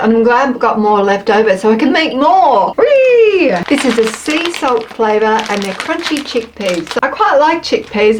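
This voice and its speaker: A woman's voice: on the high side, echoey room, a little hiss or hum, low-quality recording. An Australian woman chatting playfully through a casual taste-test vlog while cooking at home. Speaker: food vlogger. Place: home kitchen.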